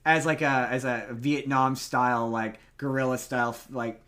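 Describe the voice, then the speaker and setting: A man co-hosts a casual podcast chat and argues his side with animated push-back. His voice is bright and forceful, and he keeps stumbling into quick restarts. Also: medium pitch. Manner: argumentative, animated, stammering restarts. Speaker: podcast co-host.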